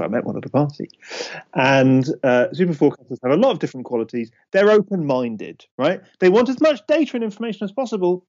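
A man's voice: mid-range voice, fast talker, vocal fry. Emphatic man explaining, dull audio. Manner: emphatic, animated, checks in with "right?" and "okay?". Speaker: podcast guest, speaker on risk. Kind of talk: conversational podcast explanation.

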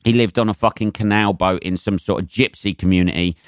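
A low-voiced man rambles through his solo podcast, swearing freely and leaning on fillers. His voice is smooth and clean. The sound is close and dry, with no room around it. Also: fairly even intonation, fairly quick, no echo. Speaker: podcast host and stand-up comedian. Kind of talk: casual solo podcast chat.

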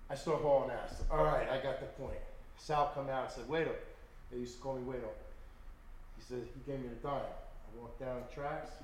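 A man, an author guest, telling his stories in conversation in a lively, profane way and acting out what people said. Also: medium pitch, brisk, heavy reverb, slight background noise. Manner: animated, profane, acts out quotes. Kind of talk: storytelling in conversation.

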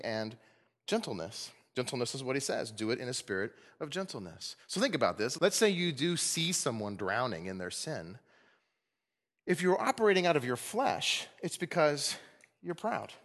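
A man preaching a sermon to his church, swinging from emphatic highs to soft, low asides. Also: big-room sound. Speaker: pastor. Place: church sanctuary.

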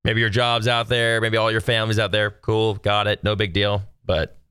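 A man's voice: fairly low pitch, flat delivery, moderate pace, a bit bright, clean tone, no room sound, clean studio sound. A man in his thirties, from Texas, talking casually to viewers from home in a rambling, exasperated rant full of fillers. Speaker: solo video host.

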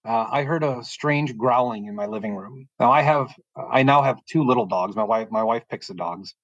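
A middle-aged man from the United States telling a personal faith testimony in a calm, soft-spoken way, often pausing and restarting as he gets emotional. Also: mid-range voice, no echo, lo-fi sound. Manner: halting and emotional, frequent restarts. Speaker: podcast guest sharing testimony. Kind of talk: personal testimony, casual storytelling.

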